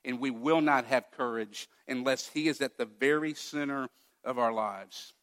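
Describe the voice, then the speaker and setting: Bright-voiced emphatic preacher man. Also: medium pitch, moderate pace. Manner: emphatic, swinging between loud declarations and hushed asides. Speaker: pastor. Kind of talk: sermon.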